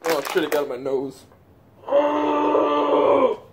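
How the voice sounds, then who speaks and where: A man's voice: medium pitch, a little slow, slight background noise. A man vlogging casually, swearing constantly with blunt running commentary. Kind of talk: casual self-filmed vlog.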